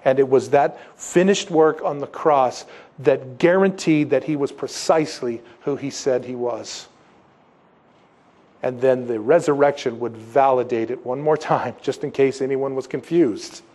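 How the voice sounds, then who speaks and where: A man preaching a sermon as pastor, emphatic, moving between loud exhortations and quiet low asides, asking rhetorical questions in a conversational way. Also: a little slow.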